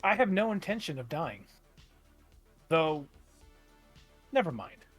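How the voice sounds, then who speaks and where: Man playing a polite, formal robot, husky and stiff, mid-high voice. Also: very animated, slow, faint music behind, heavily acted.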